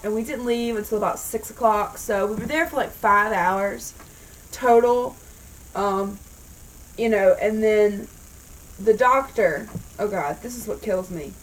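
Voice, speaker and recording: A woman's voice: medium pitch, a little hiss or hum. A woman vlogger telling a story in a casual, exasperated and rambling way, swearing freely. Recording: voice a bit far from the mic.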